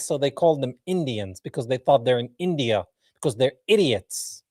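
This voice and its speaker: A man's voice: medium pitch, lively intonation, normal speed, a little mellow, no room sound, clean studio sound. A man hosting a live podcast, reacting to clips with mocking, sarcastic commentary and laughter. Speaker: podcast host.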